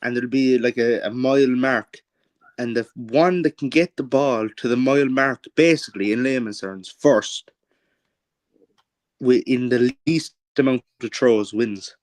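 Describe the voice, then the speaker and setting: A man's voice: mid-range voice, unhurried. A man with an Irish accent, hosting a casual podcast chat, blunt and fond of swearing while telling stories. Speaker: podcast host.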